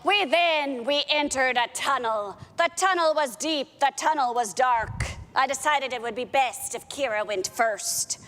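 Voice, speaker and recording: A woman's voice: high-pitched, unhurried, a bit bright, big-room sound, slight background noise. A woman at a library telling children a pirate story, with playful pirate talk. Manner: playful pirate talk, with an occasional "arr" and "me ship".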